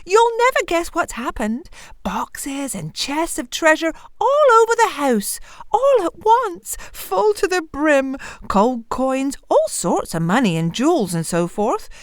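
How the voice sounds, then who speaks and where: A woman voicing an anxious miller's wife in a storybook reading, high and breathless. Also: wildly swooping pitch, normal speed, hardly any pauses, darkish tone, no echo, clean studio sound. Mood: excited.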